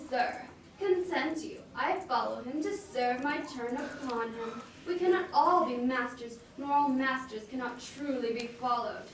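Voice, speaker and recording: Woman doing a scheming bitter soldier, Shakespeare reading, high voice, sharp outbursts, very echoey room, distant mic. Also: a little hiss or hum. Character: bitter scheming male soldier, resentful and sly. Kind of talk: amateur Shakespeare stage reading. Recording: echoey room picked up from afar.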